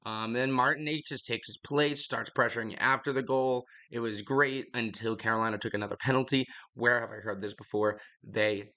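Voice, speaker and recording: A young man, out of breath, talks hockey in a loose, rambling way, blunt and quick to swear. His voice is bright and forward at a middling pitch. He sounds like a casual podcast host chatting to his listeners. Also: fairly even intonation.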